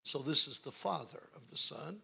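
An older man preaching a sermon as pastor, swinging between booming lines and hushed ones. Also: moderate pace, gravelly.

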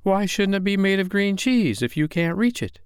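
A man's voice: very animated, normal speed, clear, resonant tone, no echo, studio quality. A man voicing a small, curious young male mouse who is stubborn and eager. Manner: high and eager, sure of himself.

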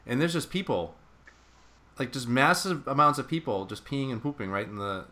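A man co-hosting a running podcast, telling stories in a chatty way and repeating words when excited. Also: medium pitch, moderate pace. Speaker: podcast co-host. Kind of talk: casual chat.

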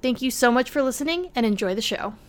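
A woman's voice: on the high side, animated, fast. A woman hosting a podcast, reading a scripted intro and then interviewing a guest in an upbeat, friendly way. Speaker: podcast host.

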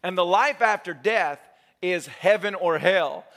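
High, bright-voiced animated male pastor. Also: measured pace. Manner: animated, joking, acts out quotes. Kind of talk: sermon with storytelling. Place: church sanctuary.

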